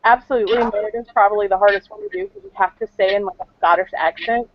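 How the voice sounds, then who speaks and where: A woman's voice: mid-range voice, racing. A woman cosplayer answering interview questions in a chatty, rambling way, with lots of fillers. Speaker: cosplayer guest. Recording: dull lo-fi dry recording.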